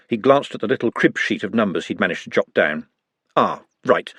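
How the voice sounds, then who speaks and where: A man's voice: fairly low pitch, brisk, slightly rough, dry recording. A man reading a comic novel aloud as scripted narration, telling it expressively. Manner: lively, expressive storytelling. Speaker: audiobook reader.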